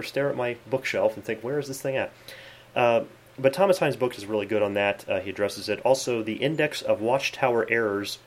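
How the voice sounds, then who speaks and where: A man at his desk giving an earnest, conversational Bible teaching for his video channel, quoting scripture and using frequent fillers. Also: on the low side. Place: at his desk in a study with bookshelves.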